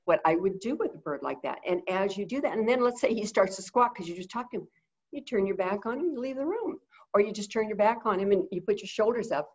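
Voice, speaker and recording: A woman in a casual webinar talk, telling stories and cooing soft praise as she quotes herself talking to animals. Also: medium pitch, husky, muffled recording. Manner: chatty storytelling, coos softly when quoting praise to animals. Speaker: animal behavior consultant.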